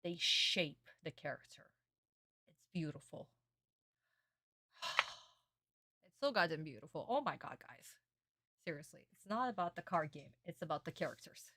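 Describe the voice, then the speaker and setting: A young woman streamer in a casual reaction stream, excitable and gushing, swearing often. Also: deep voice, moderate pace, pauses often, no room sound.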